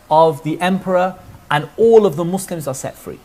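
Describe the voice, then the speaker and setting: A mellow, high-sitting voice at normal speed belongs to an Islamic preacher recounting a religious story. He narrates earnestly, asking his listeners rhetorical questions along the way.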